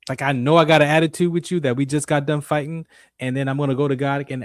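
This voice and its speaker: A man's voice: a little high, steady tone, fast, dry recording, studio quality. A man hosting a radio show, giving an emphatic, repetitive faith talk monologue in a preacher-like way.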